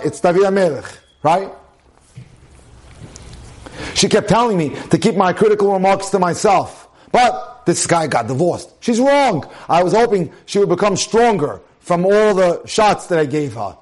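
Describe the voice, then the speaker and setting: A man's voice: sits high, big pitch swings, a little slow, a little mellow. A man giving a sermon-style talk on marriage, emphatic and full of rhetorical questions. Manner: emphatic, repeats phrases, asks rhetorical questions.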